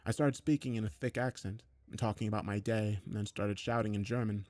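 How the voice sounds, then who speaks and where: A man narrating a first-person horror story in a steady, low-key way. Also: a little fast, no echo, studio quality.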